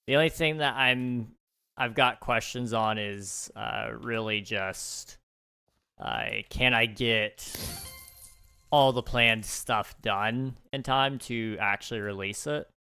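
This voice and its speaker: Young male game streamer, easygoing chatter, bright clear voice. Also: mid-range voice, slow pace. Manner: chatty, relaxed, thinks aloud with fillers and small laughs. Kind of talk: casual live-stream chat while gaming.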